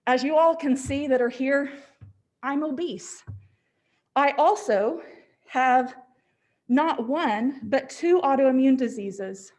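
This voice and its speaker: A woman's voice: sits high, slow, long pauses, a little mellow. A woman giving a prepared public comment at a city council meeting, firmly stating objections one after another, a little short of breath. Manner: firm, repeated "I am against" statements.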